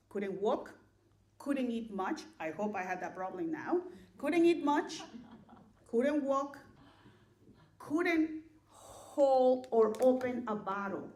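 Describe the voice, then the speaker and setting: A woman clergy member gives a sermon in a high, unhurried voice. She reads scripture in a measured cadence and repeats her key lines so they land. The room around her rings with a roomy echo. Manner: slow and deliberate, repeats key lines for emphasis.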